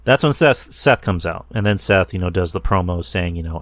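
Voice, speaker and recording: Casual low-voiced man rambling solo. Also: expressive, brisk, no room sound. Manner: rambling, conversational, swears casually, many fillers and restarts. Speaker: podcast host reviewing wrestling.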